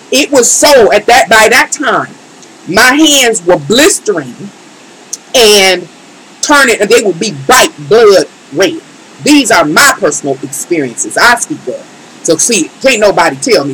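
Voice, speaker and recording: A woman's voice: medium pitch, fairly bright tone, a little hiss or hum, poor audio. A woman tarot reader in a casual live stream, speaking emphatically and colloquially and talking straight to her chat.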